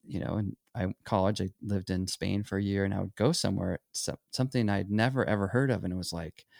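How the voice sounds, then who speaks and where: A middle-aged man with a low, gravelly voice chats casually about creativity. He muses and wanders through restarts and acts out quoted voices. The sound is dry and close. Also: steady tone, fairly quick, darkish tone, no room sound. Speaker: photography teacher. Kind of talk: casual conversation.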